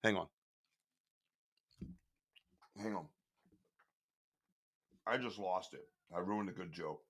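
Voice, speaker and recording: A man hosting a podcast in a bright, ringing voice, laughing and cursing as he trades stories. His voice is close and dry, with no room sound around it. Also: low voice, a little slow, no room sound. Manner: loud, laughs a lot, swears freely. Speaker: podcast host. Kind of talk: casual podcast banter.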